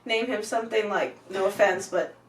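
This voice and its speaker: A woman's voice: medium pitch, normal speed, distant mic, a little hiss or hum. A woman in her thirties co-hosting a casual podcast, chatting, teasing and reading posts aloud with a giggly manner. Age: 30s. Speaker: podcast co-host. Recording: echoey room, away from the mic.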